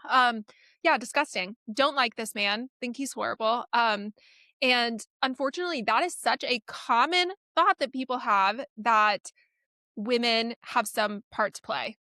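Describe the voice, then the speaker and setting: A woman's voice: fairly high pitch, a little slow, sharp tone, dry recording. A woman co-hosting a podcast, talking bluntly and with indignant emphasis in casual chat. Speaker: podcast co-host.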